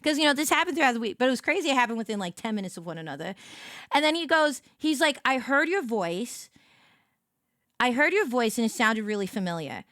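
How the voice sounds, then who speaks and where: A young woman streaming as a VTuber, telling a story in casual chat and greeting her viewers with big, bright jumps in her voice. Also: a little high, animated, fast, dry recording, clean studio sound.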